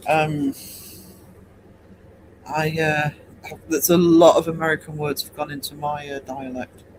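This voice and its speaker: An English man in his fifties hosting a casual late-night livestream, rambling and hesitant with many pauses. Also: on the high side, level tone, slight background noise, low-quality recording. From England. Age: 50s. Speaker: livestream host.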